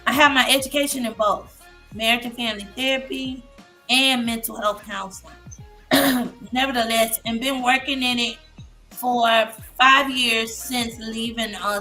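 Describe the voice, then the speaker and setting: Emotional woman with a bright voice. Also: a little high. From Massachusetts. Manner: halting, many fillers and restarts. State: emotional, near tears. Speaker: guest speaker, licensed therapist. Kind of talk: emotional personal testimony on a live show.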